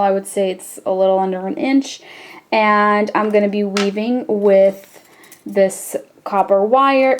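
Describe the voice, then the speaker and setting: A woman hosting a jewelry-making tutorial, explaining each step in a relaxed, chatty way with frequent fillers. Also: medium pitch. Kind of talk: casual step-by-step craft tutorial.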